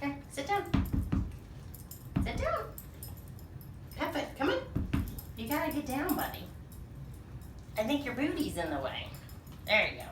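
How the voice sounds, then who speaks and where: A woman reading a picture book aloud to young children, animated and full of sing-song questions, in a small echoey room. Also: high-pitched, normal speed, pauses often, distant mic, background noise. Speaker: children's storyteller.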